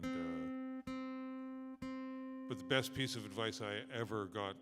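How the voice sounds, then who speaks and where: A singer-songwriter joking and chatting with a live audience from the concert stage. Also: male voice, lowish voice, slow pace, in a large hall, over loud music. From Alberta, Canada.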